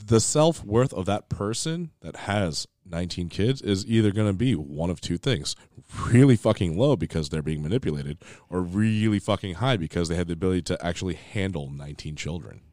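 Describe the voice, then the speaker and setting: A tipsy man hosts a loose podcast chat, stumbling over his words as he argues. His voice sits low but swings widely in pitch. The sound is dry and close. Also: animated, fairly quick, warm tone, no echo. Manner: rambling and stammering, arguing loosely. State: tipsy from drinking. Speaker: podcast host. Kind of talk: casual drunk podcast chat.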